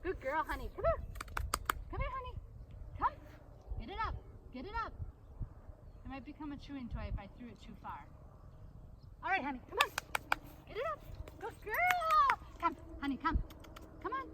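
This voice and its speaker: A woman with a high voice gives upbeat commands to a young dog and explains each step as she goes. She is caught from some distance on an outdoor recording. Loud ambient noise and passing traffic sit under her voice. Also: big pitch swings, fairly quick, long pauses. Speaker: dog trainer. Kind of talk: outdoor training demonstration.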